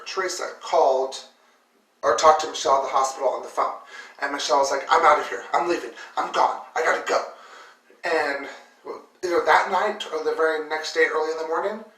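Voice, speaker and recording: Woman, vlogger, emotional storyteller, lots of fillers, bright tone, roomy echo, distant mic. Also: deep voice. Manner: emotional, full of fillers and repeated words. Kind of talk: personal storytelling.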